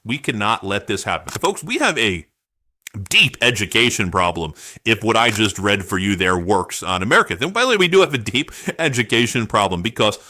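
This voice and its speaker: A man giving sarcastic political commentary, firing off rhetorical questions in an animated way. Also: fairly low pitch, fairly quick, no room sound.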